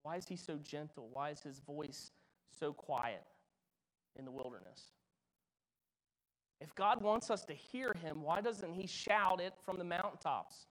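Pastor, male, sermon delivery: slightly high voice, drops to near-whispers for effect. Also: a little slow, long pauses, low-quality recording. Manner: dramatic swings from loud to hushed.

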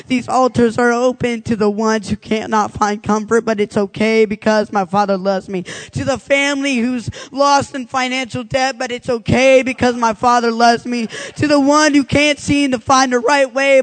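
High-voiced young man preaching. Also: a bit bright, low-quality recording. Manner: emotional testimony building to impassioned altar call. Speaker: youth speaker. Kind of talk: sermon.

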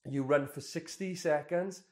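A man's voice: fairly high pitch, unhurried, darkish tone. A man in his twenties, a pastor telling a candid, self-deprecating personal story in a sermon. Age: 20s.

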